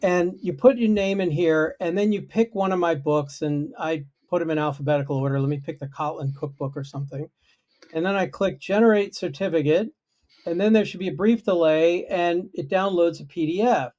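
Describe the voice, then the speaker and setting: A man's voice: on the high side, a little fast, darkish tone. Chatty man with a raised voice. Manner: chatty, self-deprecating. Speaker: guest programmer. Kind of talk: casual livestream talk.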